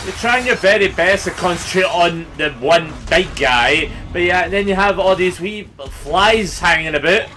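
A young Scottish man commentating his gameplay live, excitable and sweary, often bursting into yelling. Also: sits high, unhurried, few pauses, background noise. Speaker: gaming YouTuber. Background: game music.

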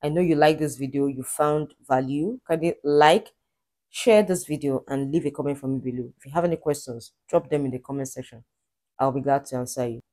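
A woman hosts a screen-recorded software tutorial, walking viewers through it step by step with eager enthusiasm. Her voice is extremely low in pitch and mellow, and she talks a little fast.

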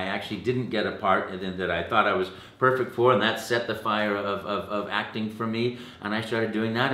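A man, a voice actor, telling stories in a casual interview, animated and full of restarts, jumping into a high pitch when he acts out quotes. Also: echoey room. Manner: halting restarts, repeated words. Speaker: voice actor guest.

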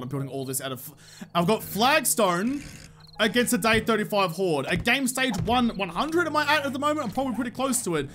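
Playing a video game live, a young gaming channel host talks to himself in frantic commentary full of swearing. His voice is high and fairly bright.

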